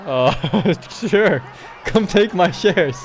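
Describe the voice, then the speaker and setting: Animated, playful male streamer. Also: high-pitched, extremely slow, some chatter behind. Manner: playful, laughing, mock-dramatic. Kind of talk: casual gameplay chat.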